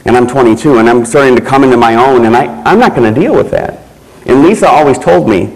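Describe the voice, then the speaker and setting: A man giving a keynote speech, telling a personal story in a slow, measured way with pauses. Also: medium pitch, gravelly, a little mellow, low-quality recording. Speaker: keynote speaker.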